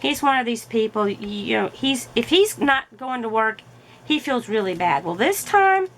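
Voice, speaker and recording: A woman's voice: a little high, expressive, normal speed, fairly bright tone, a little hiss or hum, poor audio. A middle-aged woman vlogging casually while crafting, telling a story in a chatty way with fillers as her voice recovers.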